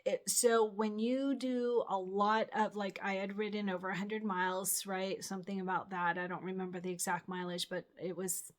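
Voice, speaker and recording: A woman's voice: medium pitch, level tone, normal speed, hardly any pauses. A middle-aged woman hosting her own channel, telling a personal story in a rambling, chatty way with many fillers and restarts. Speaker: channel host. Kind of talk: casual storytelling.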